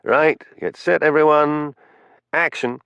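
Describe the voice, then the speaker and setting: A man's voice: on the high side, steady tone, slow, a bit bright, clean tone, no echo, muffled recording, pitched above the performer's own voice. A man voicing a bossy, impatient television director giving orders on set. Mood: commanding. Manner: barking orders.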